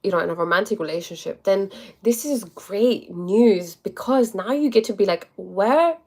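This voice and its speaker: A young woman hosting a casual monologue, animated and emphatic, with many asides to her audience. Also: medium pitch, moderate pace. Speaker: host. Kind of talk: casual monologue reading viewer comments.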